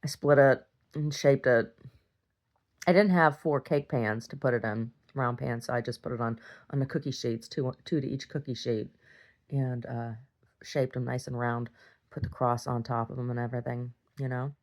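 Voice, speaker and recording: Gravelly-voiced woman rambling through a diary. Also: very deep voice, fairly even intonation, moderate pace. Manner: chatty, self-interrupting, laughs often. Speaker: video diarist.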